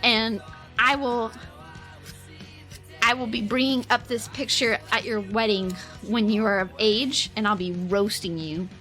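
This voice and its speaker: A young woman talks to her stream in a loose, giggly ramble, leaning on "like" in nearly every phrase. Her voice sits slightly on the higher side. Soft music plays faintly in the background. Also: steady tone, a little slow. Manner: rambling, giggly, heavy use of "like". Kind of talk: casual storytelling to a live chat.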